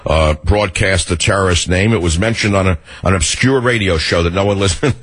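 A man's voice: low voice, brisk, fairly bright tone, pitched below the performer's own voice. A man mimicking a smug, dismissive male TV news host who grudgingly makes a belittling correction.

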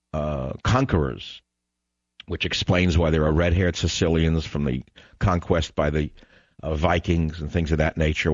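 A man's voice: deep voice, no room sound, lo-fi sound. A man hosting a talk radio show, ranting and sarcastic in a combative monologue.

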